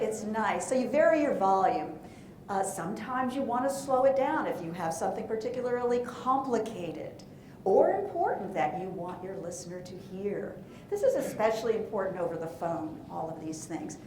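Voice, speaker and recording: A woman coaches a roomful of people at a conference, her talk lively and playful. She keeps asking the audience questions. Her voice carries through an echoey room over a faint low rumble. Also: moderate pace. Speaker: presentation coach. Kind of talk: live conference workshop talk.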